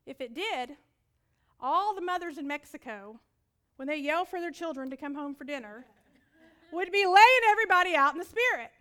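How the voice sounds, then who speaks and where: Delivering a sermon at normal speed, a woman preaches in a high, bright voice and animates her stories by imitating other people. She alternates booming commands with hushed, whispered asides.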